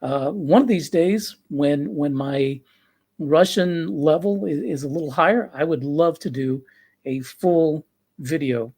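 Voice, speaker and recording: Man, livestream host, fairly high and husky, relaxed casual chat. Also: unhurried.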